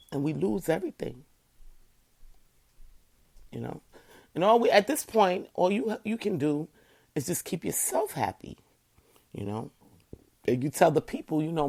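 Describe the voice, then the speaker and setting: A woman's voice: on the low side, sing-song, measured pace, gravelly, pauses often, a little mellow, breathy edge. A woman, talking earnestly to her viewers and saying "you know" over and over. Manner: emphatic, repeats "you know" often. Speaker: online show host. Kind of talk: casual heartfelt talk to viewers.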